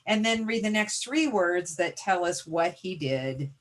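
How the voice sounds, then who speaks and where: A woman's voice: lowish voice, expressive, unhurried. Woman teacher guiding a reading lesson. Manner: encouraging, directive classroom prompts. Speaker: teacher presenting a reading webinar.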